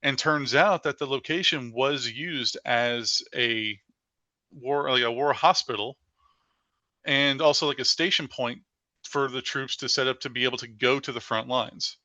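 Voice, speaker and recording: A man with a forceful, bright edge to his voice tells stories as a podcast guest. He talks in an animated way and leans on "like" as he goes. The sound is dry and close, with no room around it. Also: medium pitch, unhurried, no echo. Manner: animated storyteller with frequent "like" fillers. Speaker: paranormal investigator guest. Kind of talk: casual storytelling in a podcast interview.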